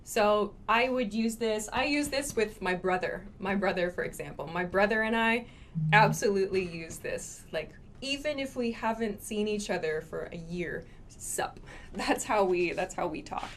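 A woman teaching casual English phrases in a relaxed live lesson, demonstrating pronunciation slowly and laughing often. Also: mid-range voice, a little hiss or hum. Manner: slow, clear demonstrations with laughs.

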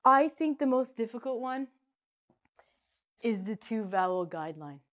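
Female English teacher, unhurried and playful, swings between bursts and murmurs. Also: a little high, animated. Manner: playful, chatty, jumps between loud and soft. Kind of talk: casual spoken lesson.

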